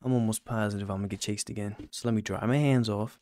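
A man hosting a gaming channel, giving casual commentary on a horror game and yelping high when he gets scared. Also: fairly even intonation, quick pace, darkish tone, dry recording. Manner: talks to game characters jokingly.

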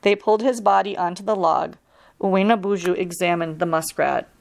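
A woman, a park ranger, reading a storybook aloud for children in a calm, steady and clear way. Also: on the low side, normal speed.

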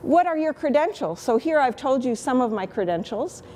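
Woman, 50s, Chicago accent, university lecturer; frank, self-deprecating, conversational; slightly high voice, faint noise behind. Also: big pitch swings, normal speed, dark tone. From Chicago, USA. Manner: candid, chatty, self-deprecating. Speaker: microbiology professor. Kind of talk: teaching talk on lecturing.

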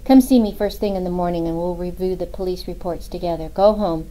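A woman reading the part of a stern, calm male FBI director in an audiobook. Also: lowish voice, a little fast, lightly acted, rough recording.

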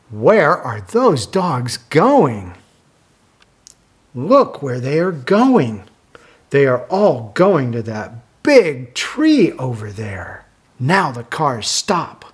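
Slow husky grandfather reading to kids. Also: mid-range voice. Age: older. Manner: slow, lively, asks young listeners questions. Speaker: children's book reader. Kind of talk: reading a picture book aloud to kids.

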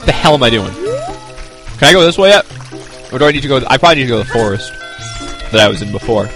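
Man, from Maine, game streamer, chatty, reactive, lively pitch, faint music behind. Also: quick pace. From Maine, United States. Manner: chatty and reactive, talks to viewers. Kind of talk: live game-stream chat.

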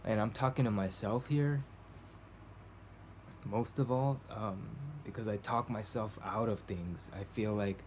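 A man's voice: lowish voice, unhurried, darkish tone, slight background noise. A man recording a casual video journal at home, talking to the camera in a rambling, hesitant way, full of fillers and restarts. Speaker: vlogger. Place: cold home indoors.

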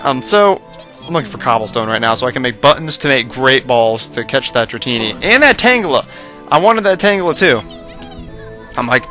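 A young man rambling casually over his gameplay footage, self-mocking and prone to excited outbursts, his voice tiring late at night. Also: mid-range voice, fairly quick, soft background music. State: voice going hoarse late at night. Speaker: let's play host.

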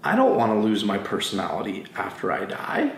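Pastor preaching in a roomy church. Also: male voice, fairly low pitch, fairly quick, slight background noise. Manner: animated storytelling, acts out quotes. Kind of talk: sermon. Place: church sanctuary. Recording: roomy church with faint ambience.

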